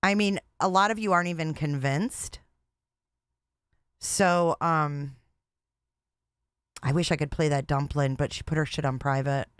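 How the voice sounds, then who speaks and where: A woman's voice: low voice, steady tone, a little slow, pauses often, smooth, dry recording, clean studio sound. A woman hosting a casual livestream, talking in a blunt, repetitive and exasperated way. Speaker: livestream host.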